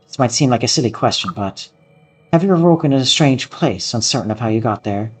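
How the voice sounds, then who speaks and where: A man's voice: medium pitch, expressive, fast, slightly rough, soft background music. A man voicing an earnest young female noble swordswoman of the plains, reading game dialogue aloud in a heartfelt, eager manner. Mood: earnest, surprised.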